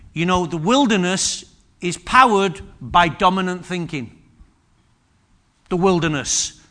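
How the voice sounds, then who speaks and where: A man preaches with a high, bright, forceful voice. He drives each point home through repetition and often breaks off a phrase to start it again. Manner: repetitive, emphatic phrases with many restarts. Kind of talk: sermon.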